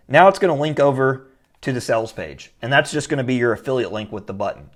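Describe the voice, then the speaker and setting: A man teaching online marketing in a casual whiteboard tutorial, energetic and full of fillers. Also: medium pitch, fairly quick.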